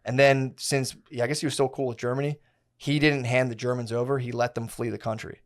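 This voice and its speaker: A man's voice: mid-range voice, little pitch movement, fairly quick. A man in his thirties co-hosting a casual podcast, telling a long history story with slang, swearing and many restarts. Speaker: podcast co-host.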